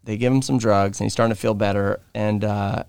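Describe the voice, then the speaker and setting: A man's voice: on the low side, fairly even intonation, fairly quick, creaky, a little mellow, clean tone, no room sound. A Canadian man co-hosting a podcast, animatedly telling a story and acting out the people in it. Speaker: podcast co-host. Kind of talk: casual storytelling chat.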